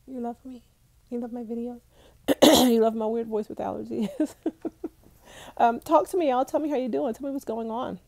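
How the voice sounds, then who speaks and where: A woman's voice: fairly high pitch, lively intonation, normal speed, warm tone, no room sound. A young woman congested with allergies, chatting casually and directly to her viewers on a live stream from home. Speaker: vlogger. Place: indoors at home.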